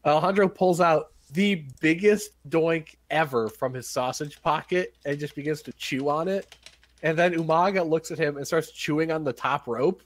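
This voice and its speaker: A man co-hosting a casual comedy podcast, retelling wrestling moments in a joking, deadpan way. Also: on the high side, normal speed, no room sound. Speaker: podcast co-host. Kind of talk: casual comedic recap chat.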